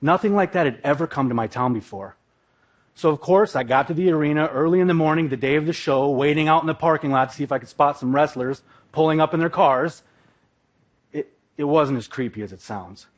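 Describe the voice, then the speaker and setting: Dramatic storytelling man, somewhat high voice. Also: animated, a little fast. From Minnesota. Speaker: speaker, former pro wrestler. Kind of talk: live stage talk, storytelling. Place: on stage at a live event. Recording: dull, lo-fi live recording.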